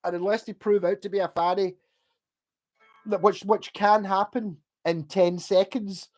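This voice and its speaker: A man with a softened Glaswegian accent talks loosely to his stream audience, reacting to comments as they come in. He wanders from point to point, trips over his own restarts and drops casual swearing. His laughs slip in between his thoughts. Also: high-pitched, steady tone, unhurried, soft background music. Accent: Glaswegian Scottish, softened. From Scotland. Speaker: livestreamer. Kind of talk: casual livestream chat, answering viewer comments.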